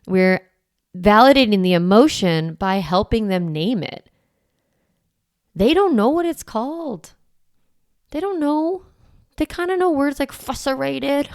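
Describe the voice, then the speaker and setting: A woman hosting a parenting podcast, explaining calmly and acting out gentle phrases to say to an upset child. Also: a little high, clean tone, dry recording, clean studio sound. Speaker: parenting podcast host and coach. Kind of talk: instructional podcast monologue.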